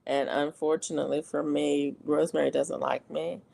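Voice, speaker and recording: A woman's voice: sits low, little pitch movement, moderate pace, gravelly, mellow. A middle-aged woman hosting a casual livestream, chatting and laughing often as she reads viewer comments aloud. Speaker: livestream host. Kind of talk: casual live-stream chat.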